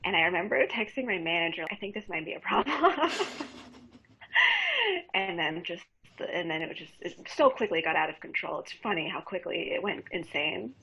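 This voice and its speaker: A fairly low-pitched woman speaks candidly as a guest comedian, often breaking into laughter mid-story. The recording sounds slightly dull and lo-fi, like a casual podcast. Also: normal speed, creaky, pushed and bright, slight background noise. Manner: candid, laughs often while telling stories.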